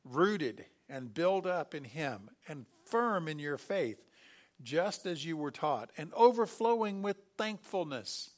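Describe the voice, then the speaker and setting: A middle-aged man preaching a sermon, lively and animated, acting out quoted voices with sudden loud bursts. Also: on the high side, slow pace. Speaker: pastor.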